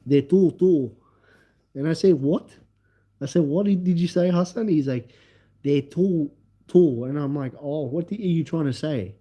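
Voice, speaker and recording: On a casual livestream, a young man tells rambling stories, laughing often and repeating the same filler words. His voice is on the high side, brisk, and dark in tone.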